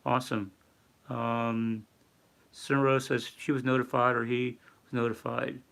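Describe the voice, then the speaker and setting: Older guy doing a live stream, gravelly voice, mid pitch, reads out the chat and rambles. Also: little pitch movement, unhurried, a bit bright. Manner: rambling, reads viewer chat aloud with many fillers. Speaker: livestream host. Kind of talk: casual live-stream talk.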